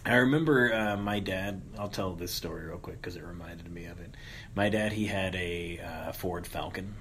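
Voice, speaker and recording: Low-pitched casual podcast host, thirties. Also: male voice, moderate pace, fairly bright tone, slight background noise. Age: 30s. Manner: loose, swearing, joking banter.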